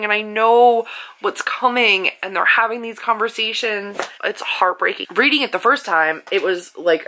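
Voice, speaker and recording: A woman's voice: medium pitch, bright, forceful tone, poor audio. A woman talking casually on her vlog about a book she is rereading, chatty and openly emotional, often saying "like". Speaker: author and book vlogger.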